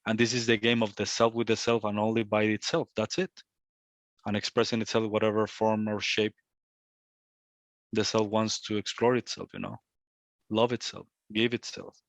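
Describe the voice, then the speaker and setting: A man's voice: on the low side, level tone, normal speed, creaky, pauses often, dry recording. A man giving a reflective satsang talk as a spiritual teacher, repeating and circling back on his phrases. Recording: dull, lo-fi, dry.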